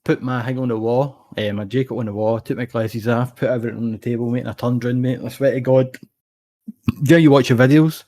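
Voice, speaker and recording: A man's voice: medium pitch, fairly even intonation, fast talker, a little mellow. A young Scottish man co-hosting a podcast, telling a long rambling story in casual chat, swearing freely. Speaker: podcast co-host.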